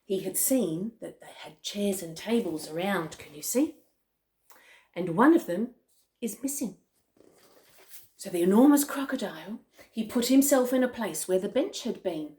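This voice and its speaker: An older woman, a grandmother, reading a picture book aloud to a child in a playful, animated way. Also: medium pitch, measured pace, pauses often. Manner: animated, playful, with gasps and chuckles.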